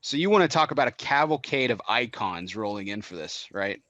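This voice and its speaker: A man's voice: lowish voice, lively intonation, fairly quick, fairly bright tone. A man hosting a casual podcast chat, rambling and laughing as he goes. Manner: chatty, rambling, laughs a lot. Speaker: podcast host. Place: indoors, cigar podcast set.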